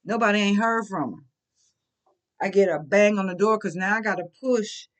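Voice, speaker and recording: A middle-aged woman recounts a personal story in a vlog. Her delivery is animated and emphatic, full of colloquial asides. She speaks straight to her viewers. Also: mid-range voice, moderate pace. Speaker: vlogger.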